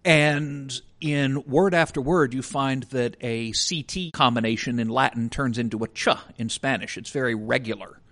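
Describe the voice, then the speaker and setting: A man at an ordinary middle pitch, co-hosting a podcast. He talks in a casual educational way, laying out one example after another in turn. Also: moderate pace, hardly any pauses, a bit bright. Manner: explanatory, walks through examples step by step. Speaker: podcast co-host.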